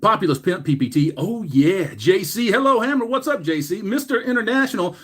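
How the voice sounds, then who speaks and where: A middle-aged man hosting a casual livestream, greeting chatters by name loudly and swearing crudely. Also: sits high, expressive, a little fast, breathy edge. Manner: reads chat names aloud with loud greetings, crude swearing. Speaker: livestream host.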